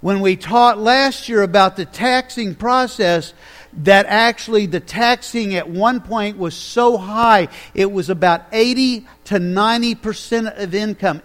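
A male pastor preaching a sermon in a high-pitched voice. He tells the story with animated energy and keeps throwing rhetorical questions to the congregation.

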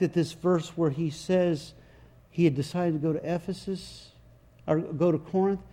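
A pastor with a voice on the high side preaches a sermon, retelling scripture in folksy everyday language. He swings from quiet asides to shouted chants with the crowd.

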